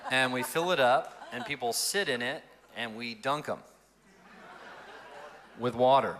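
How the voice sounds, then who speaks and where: A male pastor telling stories in an interview, in an animated and expressive way. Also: mid-range voice, a little slow, a little hiss or hum. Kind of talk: storytelling in an interview.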